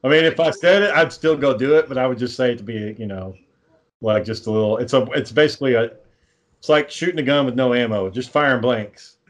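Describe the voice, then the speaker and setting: A man's voice: mid-range voice, fairly quick. A young adult man co-hosting a casual chat, rambling through stories and swearing freely. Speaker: podcast co-host.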